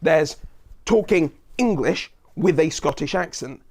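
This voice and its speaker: A man's voice: a little high, expressive, a little slow, gravelly. A man co-hosting a casual tech chat, making dry, wry remarks. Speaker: co-host.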